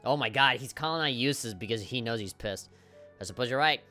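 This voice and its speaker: A man streaming a game live, reacting in an excitable, profane way and reading the on-screen dialogue aloud. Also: medium pitch, a little fast, soft background music. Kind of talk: casual live gameplay commentary.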